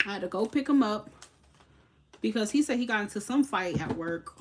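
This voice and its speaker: A young woman of Haitian background hosting a tarot live stream, telling a story in a casual, animated way with lots of swearing and laughter. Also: mid-range voice, moderate pace, background noise.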